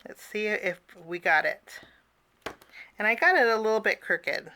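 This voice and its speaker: Bright-voiced chatty woman teaching crafts. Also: medium pitch, animated, unhurried. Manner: chatty, apologetic asides, frequent fillers. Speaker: cardmaking teacher. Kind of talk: casual craft tutorial.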